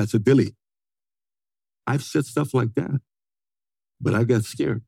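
A man's voice: medium pitch, measured pace, creaky, husky, no echo. Punchy forties guy telling a story to a crowd, dry close mic. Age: 40s. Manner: energetic, punchy, asks the audience questions. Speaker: motivational speaker. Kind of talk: storytelling talk to an audience.

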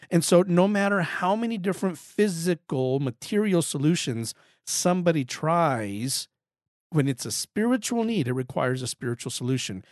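A man teaching through a Bible passage in an earnest, emphatic way, often doubling back on his words for stress. His voice sits somewhat high. The sound is dry and close, with no room echo. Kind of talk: Bible study teaching talk.

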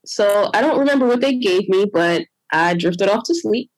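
A woman telling a personal story in casual conversation, animated and acting out what others said. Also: mid-range voice, normal speed, dry recording, poor audio. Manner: animated, re-enacts others with lively quoted voices. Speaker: guest sharing a personal story.

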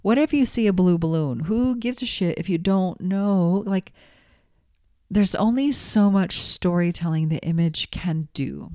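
A chatty middle-aged woman with a low, mellow voice, talking candidly and swearing now and then. She acts out quotes as she tells her story. The sound is dry and close. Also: measured pace, no echo. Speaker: psychic medium teacher. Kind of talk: casual teaching talk with anecdote.

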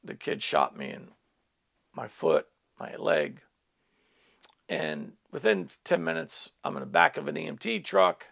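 A man's voice: fairly high pitch, huge pitch swings, unhurried, vocal fry, fairly bright tone. A middle-aged man, a pastor, telling a personal testimony in a teaching talk, earnest, with asides to his listeners.

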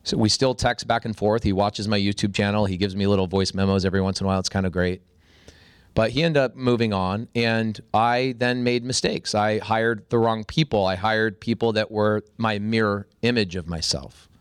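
A man in his forties, a podcast guest, telling a story with animated energy and a voice that jumps up when excited. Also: lowish voice, moderate pace, clean tone, dry recording, clean studio sound.

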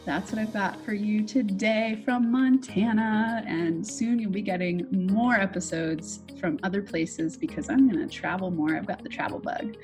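A woman's voice: medium pitch, normal speed, hardly any pauses, darkish tone, soft background music. A young adult woman hosting her own podcast as a manifestation coach, talking candidly and reflectively with fillers and restarts. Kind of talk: solo podcast monologue.

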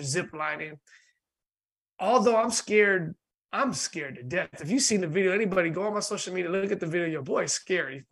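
Male guest, high bright voice, lively storyteller. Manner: lively, laughs often, acts out voices. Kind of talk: animated storytelling in conversation.

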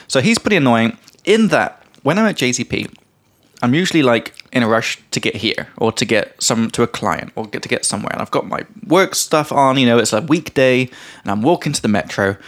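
A man's voice: mid-range voice, a bit bright. A young man hosting a casual teaching chat, rambling with many fillers and explaining words as he goes. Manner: rambling, lots of fillers, laughs, mimics voices. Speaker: podcast host, English teacher.

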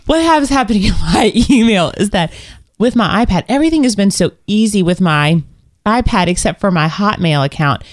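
A woman in her thirties co-hosts a podcast in casual, rambling chat, often restarting sentences and making fun of herself. Her mid-range voice has lively intonation and a moderate pace, recorded in clean studio sound with no room echo.

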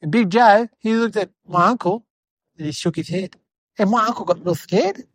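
A woman voicing an eight-year-old city boy, telling a rambling comedic story in a whiny, excitable way. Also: mid-range voice, moderate pace, no echo, natural voice. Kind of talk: comedic character monologue.

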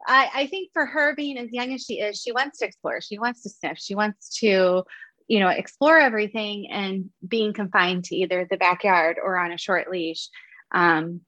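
Talking about her dogs as a guest on a relaxed interview, this woman keeps things chatty, laughing a lot and leaning on fillers. She speaks at a normal pace in a mid-range, slightly bright voice, with no echo on the recording.

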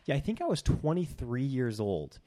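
A young man co-hosting a casual chat, telling stories in an animated way with many restarts. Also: mid-range voice, normal speed. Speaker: podcast co-host.

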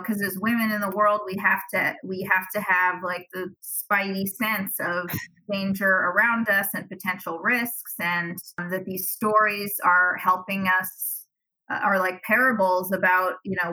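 Bright-voiced woman giving thoughtful answers. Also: medium pitch, low-quality recording. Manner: thoughtful, restarts her sentences while she works out her points. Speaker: podcast guest. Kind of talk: conversational interview answer.

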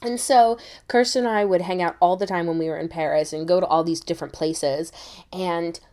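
A young American woman hosting a podcast, telling a travel story in an animated way with many quick restarts. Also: on the low side. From United States. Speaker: podcast host. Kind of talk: casual storytelling.

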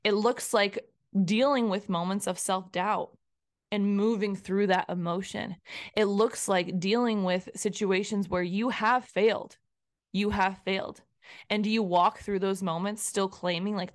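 A woman's voice: medium pitch, steady tone, measured pace. A woman hosting a podcast, speaking casually in a motivational solo talk and acting out inner voices with playful asides. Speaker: podcast host.

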